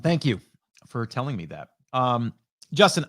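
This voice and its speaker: A man's voice: medium pitch, big pitch swings, unhurried, a bit bright, no echo, studio quality. A middle-aged man hosting a live stream, chatting casually with lots of fillers and restarts, now and then reading viewer comments aloud. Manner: rambling, many fillers and restarts. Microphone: studio dynamic microphone.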